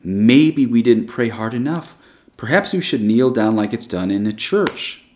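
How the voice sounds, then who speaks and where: The voice of a sweet, calm schoolteacher woman, as a male storyteller puts her on, soft and coaxing, with an unhurried, reasonable tone. It sounds like a storybook reading, with the pitch lifted a little above the reader's own. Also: slight background noise, close to an everyday voice. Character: gentle persuasive female schoolteacher, sweet and calm.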